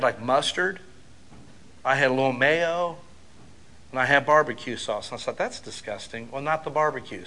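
A middle-aged male pastor delivering a sermon, telling casual stories and building up to loud, emphatic preaching. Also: fairly high pitch.

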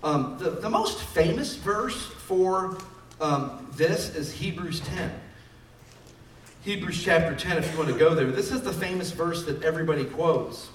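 A man's voice: a little high, measured pace, far from the mic, a little hiss or hum. A man preaching a sermon in a conversational style, building up emphasis on key phrases. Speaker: pastor. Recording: echoey room, voice from off mic.

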